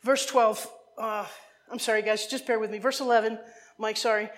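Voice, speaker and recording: A woman from New Jersey gives a sermon in a chatty, animated way. She wanders into humorous side stories and then finds her way back to the text. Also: on the high side, normal speed. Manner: animated, conversational, digressive with humor. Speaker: preacher.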